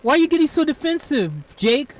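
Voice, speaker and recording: A man's voice: very high-pitched, animated, a little fast. A man hosting a live stream, chatting casually and rambling with lots of fillers and restarts. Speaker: stream host. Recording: noisy background hiss.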